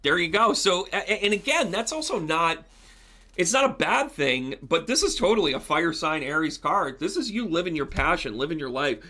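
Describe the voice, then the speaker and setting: Brief: male medium hosting a live tarot stream, joking and chatty, bright tone. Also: a little high, normal speed. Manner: chatty, animated, joking with viewers. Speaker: psychic medium and tarot reader.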